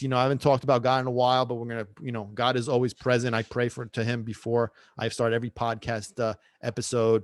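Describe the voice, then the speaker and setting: In a dry, studio-quality recording, a mid-range male voice carries a casual podcast monologue. He's a dog trainer and host who talks about his work with passion, repeats himself, preaches a little and tosses in Italian phrases.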